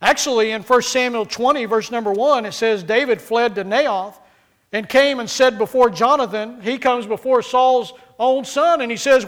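A man preaching a sermon with fervent delivery, rising to loud emphatic peaks and dropping low, acting out the voices of scripture characters. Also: moderate pace.

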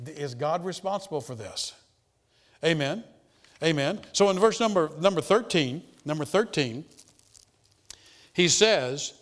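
A man preaching a sermon, emphatic and repetitive, rising into loud insistent bursts. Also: a little high, expressive, moderate pace.

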